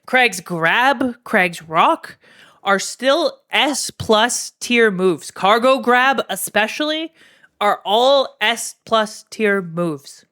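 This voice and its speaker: A woman's voice: on the high side, lively intonation, extremely slow, a bit bright. A woman with a Canadian accent streaming live, giving frank, casual commentary with plenty of fillers and swearing. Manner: frank, profane, many fillers and asides to chat. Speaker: streamer ranking game characters.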